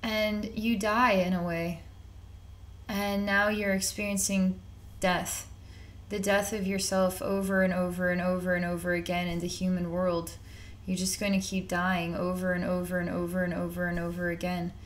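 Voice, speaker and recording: A woman's voice: lowish voice, little pitch movement, normal speed, a little hiss or hum. A woman giving an unscripted psychic reading in a rambling, repetitive, conversational way with casual slang. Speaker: psychic reader.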